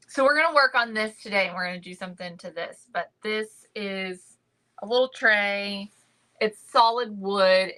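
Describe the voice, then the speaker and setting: A woman talks slowly and warmly chatty through a thrift haul, saying "y'all" and greeting viewers by name. Her voice has a bright, forward tone. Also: a little high, poor audio. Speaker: crafting livestream host. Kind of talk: casual thrift haul chat.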